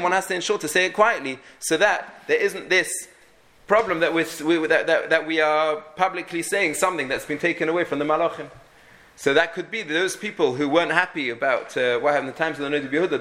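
A man's voice: fairly high pitch, pushed and bright. A man teaching a halachic lesson, thinking aloud with frequent restarts and many Hebrew and Yiddish terms. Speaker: Torah teacher.

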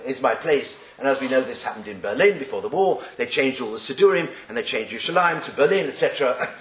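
A man's voice: mid-range voice, fairly bright tone, slight background noise. A man teaching a class on Jewish texts, joking and putting rhetorical questions to his students. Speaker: Torah teacher. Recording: echoey room.

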